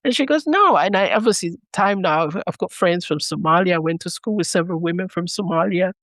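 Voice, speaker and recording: A woman's voice: lowish voice, a little fast, a bit bright, dry recording. Earnest woman telling her story. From Sierra Leone. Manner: earnest storytelling that acts out remembered dialogue. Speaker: guest. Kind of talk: personal storytelling in a podcast interview.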